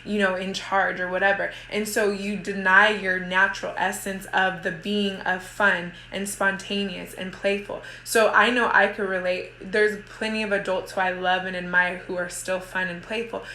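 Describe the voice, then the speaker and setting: A woman in her thirties talks casually and motivationally, rambling and peppering her speech with "like" as she restarts her sentences. Her voice is bright and forceful. The sound rings around an echoey room. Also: medium pitch, little pitch movement, moderate pace, hardly any pauses. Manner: rambling, heavy use of "like", frequent restarts. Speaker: mother and women's group coach.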